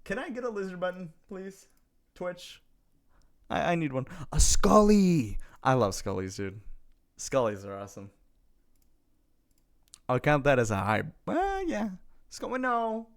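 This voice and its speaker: Playful male streamer with a lively voice. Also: mid-range voice, moderate pace, long pauses. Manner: playful, reading chat aloud and greeting viewers; lots of giggling and sudden bursts of excitement. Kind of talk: casual live-stream chat.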